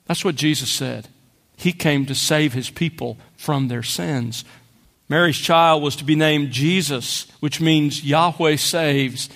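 A man preaching a sermon as a pastor, in a measured way that slows down for scripture quotes. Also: on the high side, creaky, a bit bright, long reverb tail.

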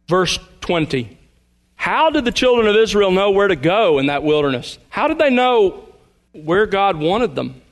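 A man pastor preaching a sermon, reading scripture aloud with earnest emphasis. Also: high-pitched.

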